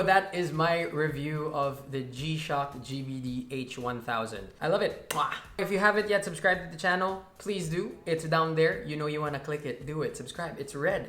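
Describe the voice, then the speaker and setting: A man's voice: on the high side, moderate pace, hardly any pauses, sharp tone. A man from the Philippines hosting a casual, chatty tech review to camera. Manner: chatty and playful. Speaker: tech reviewer, channel host. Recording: echoey room.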